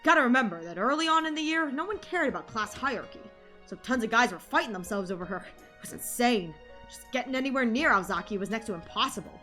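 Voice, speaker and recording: A woman voicing a brash male high school vice president from a visual novel, pushy and teasing. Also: lively intonation, quick pace, bright, forceful tone, faint music behind. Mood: gossiping.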